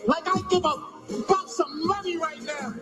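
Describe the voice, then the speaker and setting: A man's voice: extremely high pitch, measured pace. An actor playing a distraught young man paralyzed after a crash, in an injury-lawyer ad. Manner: distraught, rising to shouting. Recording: roomy ad clip with music.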